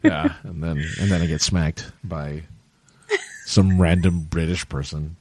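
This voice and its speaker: An American man co-hosting a podcast, chatting casually and jokily, rambling with restarts and slipping into quick silly put-on voices. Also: deep voice, fairly even intonation, darkish tone, dry recording. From United States. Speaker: podcast co-host. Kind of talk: casual chat.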